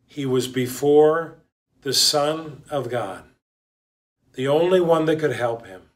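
A male pastor delivering a sermon, his voice sitting a little high for a man. He takes his time, letting weighty pauses settle between phrases. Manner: slow, deliberate preaching with dramatic pauses.

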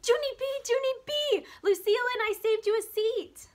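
A woman voicing an excited, bossy little girl in a storybook read-aloud. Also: high-pitched, slow pace, voice pushed up, exaggerated voice. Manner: loud, excited.

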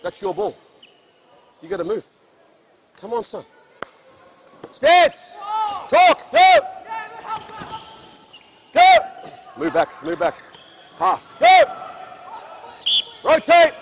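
A man's voice: very high-pitched, huge pitch swings, drawn-out words, creaky, long pauses, slight background noise. A man coaching a basketball practice on an indoor court, barking short commands and then explaining drills at length.

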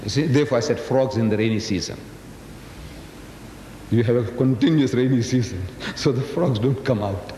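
Through a PA microphone in a large, echoey hall, a South African man in his sixties lectures with a dark tone at a moderate pace. His booming voice carries as he teases the audience and peppers them with questions, with faint noise behind him.

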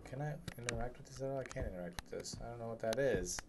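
A man's voice: medium pitch, very fast, background noise. A young man streaming a horror game, chatting nervously and jokingly with his viewers at a desk microphone in a home room. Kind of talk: live gameplay commentary.

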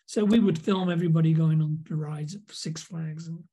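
Speaking a little fast in a steady, high, mellow, husky voice, an older English video producer guests on a casual interview. He rambles through behind-the-scenes anecdotes, often restarting and using fillers.

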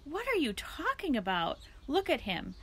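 A woman's voice: sits high, huge pitch swings, moderate pace, a bit bright, voice pushed up, heavily acted. Woman doing a blunt, impatient young girl. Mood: exasperated. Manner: exasperated, blunt.

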